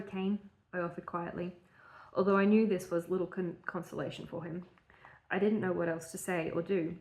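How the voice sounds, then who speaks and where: A woman co-hosting a podcast, reading her own old story aloud and breaking off for quick asides. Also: fairly low pitch, darkish tone, low-quality recording. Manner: reads with quick asides and laughter. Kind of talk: casual chat and reading aloud.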